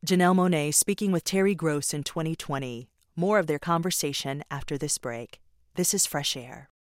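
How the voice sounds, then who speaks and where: A man reads short scripted links between segments of a radio program. He delivers them in a crisp, formal way, and the studio sound is dry and close. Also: a little high, normal speed, dry recording. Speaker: radio announcer. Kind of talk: scripted broadcast announcement.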